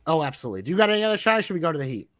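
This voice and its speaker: Male podcast host, chatty and excitable; high, bright, dry close sound. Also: rapid-fire, no room sound. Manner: chatty, excitable, swears casually. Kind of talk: casual wrestling podcast chat.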